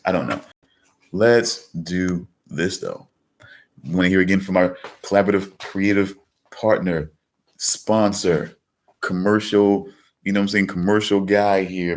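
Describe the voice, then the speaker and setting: A deep-voiced man hosting a casual livestream. He rambles along, restarting sentences and repeating words such as "certainly" as he talks to his viewers. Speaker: livestream host.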